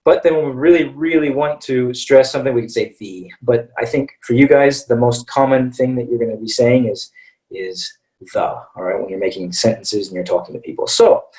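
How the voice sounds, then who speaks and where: A man's voice: medium pitch, fairly even intonation, fairly quick, a little mellow, recorded from a distance, low-quality recording. An American man teaching English in a live webinar, talking in a chatty way and often checking in with "all right" and "okay".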